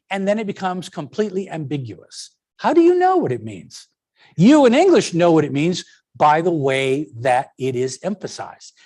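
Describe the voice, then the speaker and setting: A man giving a lecture presentation on education and language, stressing words to make his points. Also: sits high. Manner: animated, stresses words to demonstrate.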